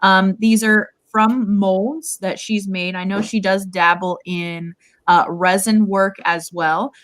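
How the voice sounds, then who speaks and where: A woman's voice: mid-range voice, level tone, slow pace, a bit bright, dry recording. A woman hosting a livestream over a video call, chatty and upbeat with many fillers. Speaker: host.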